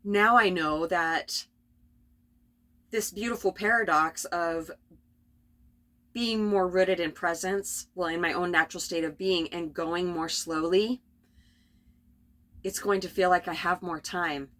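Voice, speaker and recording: A woman's voice: lowish voice, steady tone, takes it slowly, long pauses. A middle-aged woman talking casually and earnestly about her spiritual path, rambling with restarts. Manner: earnest, rambling, often restarts and laughs softly. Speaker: spiritual vlogger.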